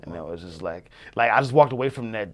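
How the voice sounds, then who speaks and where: A man's voice: on the low side, animated, fast, fairly bright tone. A young man, a music producer, telling a story in casual chat, loose and full of fillers. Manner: loose, filler-heavy, many "like"s, acts out quotes.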